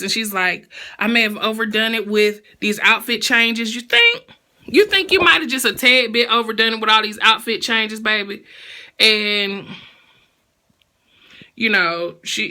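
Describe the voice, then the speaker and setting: Sassy bright-voiced woman dishing gossip. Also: medium pitch. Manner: sassy, blunt, slangy. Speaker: show recap vlogger. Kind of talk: casual gossip recap.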